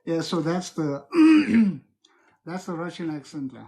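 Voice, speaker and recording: A man's voice: fairly high pitch, big pitch swings, slow, mellow. Hesitant man chatting casually. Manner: hesitant, many fillers and throat clearing. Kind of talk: casual chat.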